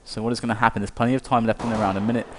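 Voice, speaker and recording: A young man casting an esports match, chatty and quick to laugh, calling the play-by-play. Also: fairly low pitch, little pitch movement, long reverb tail, noisy background. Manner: chatty, laughs easily, stumbles over words. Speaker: esports caster.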